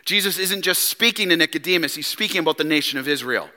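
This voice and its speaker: A man's voice: fairly high pitch, expressive, quick pace, sharp tone, big-room sound. A man preaching a sermon as a pastor, emphatic and full of rhetorical questions, acting out quoted lines. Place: church sanctuary.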